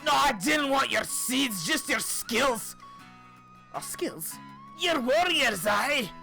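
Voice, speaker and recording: A small, crafty squirrel guide with a put-on Scottish lilt, sing-song and loud, as a man acts him out for a video game. The voice sits high and jumps around in pitch. Faint game music plays behind. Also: big pitch swings, slow, creaky, heavily acted. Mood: sly, sing-song.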